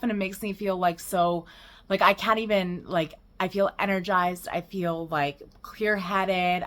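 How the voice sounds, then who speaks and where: A woman's voice: lowish voice, fairly bright tone. A young woman vlogging casually about self-care, chatty and enthusiastic, with lots of fillers. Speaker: lifestyle vlogger. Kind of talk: casual self-help vlog.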